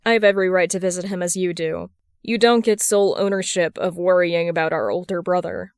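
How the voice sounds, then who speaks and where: A woman's voice: fairly low pitch, steady tone, brisk, a little mellow, no echo, studio quality, natural voice. A woman playing a petulant younger brother. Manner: petulant, muttering, defensive.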